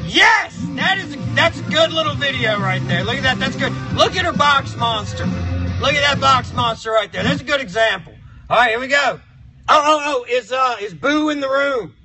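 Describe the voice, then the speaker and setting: A man voicing a crude, foul-mouthed, grumpy male box monster who hosts a live stream with shouty, mock-outraged rants. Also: very high voice, animated, normal speed, rough recording. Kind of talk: live stream chat in character. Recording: music playing behind the voice.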